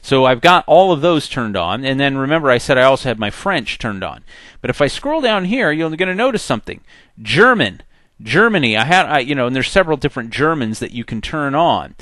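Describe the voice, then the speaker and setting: A man teaching a software tutorial in a conversational, step-by-step way. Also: medium pitch, big pitch swings, fairly quick, dry recording. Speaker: software instructor. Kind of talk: screen-recorded tutorial.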